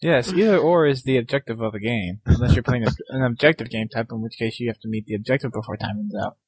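A man's voice: mid-range voice, fast talker, breathy edge, dry recording, poor audio. A man co-hosting a casual gaming podcast, joking, laughing often and reading out listener mail. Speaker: podcast co-host.

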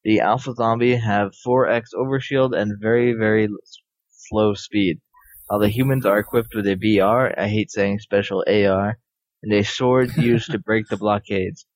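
A man's voice: fairly low pitch, fairly even intonation, dry recording, poor audio. A man co-hosting a casual gaming podcast, reading listener mail with stumbles and restarts. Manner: stumbling, halting reads. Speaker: podcast co-host.

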